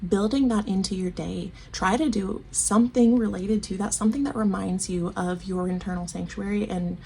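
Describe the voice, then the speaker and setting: Gravelly, warm-voiced woman doing a tarot reading. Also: mid-range voice, fairly even intonation, moderate pace, a little hiss or hum. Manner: gushing and affectionate, calls the listener babe; emotional, near tears, laughs often. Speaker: tarot reader. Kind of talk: casual one-on-one tarot reading.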